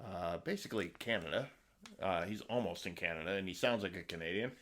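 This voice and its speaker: A man's voice: deep voice, a little fast, a bit bright, slight background noise. A middle-aged man co-hosting a podcast, chatting casually and rambling with many ums and restarts. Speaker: podcast co-host. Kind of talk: casual chat.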